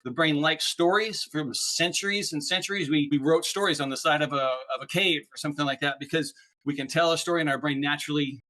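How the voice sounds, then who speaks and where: A man, a guest on an interview podcast, explaining ideas in an animated, chatty way and often checking in with "right?". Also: a little high, fast. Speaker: podcast guest, speaker on neuroplasticity. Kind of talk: casual interview chat.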